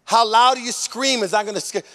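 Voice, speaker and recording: A male senior pastor preaching a sermon in a church, emphatic and repetitive, often rising to a shout. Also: very high-pitched, normal speed. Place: church sanctuary.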